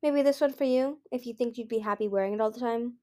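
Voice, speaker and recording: A woman voicing a smug, scheming ancient male dragon in a storybook reading, smooth and self-assured. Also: fairly high pitch, fast, warm tone, pitched above the performer's own voice, lightly acted.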